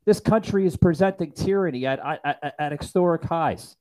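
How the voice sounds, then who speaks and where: A man's voice: a little high, normal speed, a little mellow. A man hosting a political talk show, stammering often and repeating "folks". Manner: stammering with many fillers, keeps saying folks. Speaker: host.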